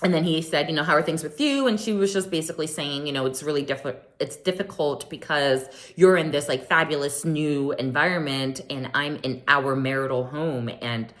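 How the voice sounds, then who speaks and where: A woman's voice: deep voice, normal speed, few pauses. A woman hosting a casual reality TV recap, chatty and sassy, acting out the cast's lines. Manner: chatty and sassy, acts out quotes.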